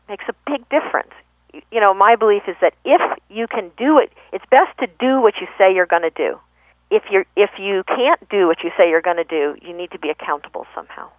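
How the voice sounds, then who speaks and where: A woman guest explaining communication in a thoughtful, conversational way, pausing often with fillers and self-corrections. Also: medium pitch, no room sound. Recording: tinny phone-line radio audio.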